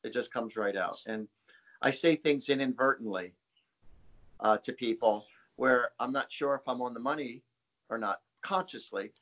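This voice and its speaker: A man's voice: mid-range voice, normal speed, fairly bright tone, muffled recording. A man, a psychic guest, telling stories casually in an interview, rambling with many fillers and repeated words.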